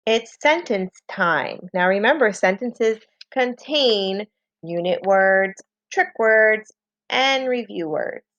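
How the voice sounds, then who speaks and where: A woman teacher leads a slow, patient spelling lesson for children, sounding out letters one at a time. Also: medium pitch, lively intonation, a bit bright, no echo, dull audio. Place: home, online lesson.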